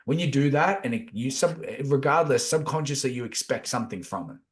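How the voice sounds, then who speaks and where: A man's voice: medium pitch, lively intonation, brisk. A man chatting casually on a podcast, laid-back, swearing a lot as he talks about feelings and energy. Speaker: podcast co-host. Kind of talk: casual chat.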